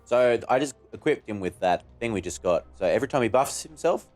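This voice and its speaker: A man's voice: mid-range voice, animated, brisk, a little mellow, faint music behind. A man co-hosting a gaming video, answering his friend with short reactions and remarks about the game he is playing. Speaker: co-host of a gaming channel. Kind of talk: casual chat while playing a game.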